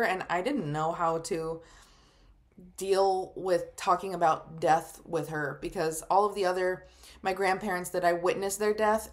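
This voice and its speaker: A woman in her thirties, a psychic medium, telling her personal story to the camera in a casual, emotional way, full of "like" fillers. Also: lowish voice.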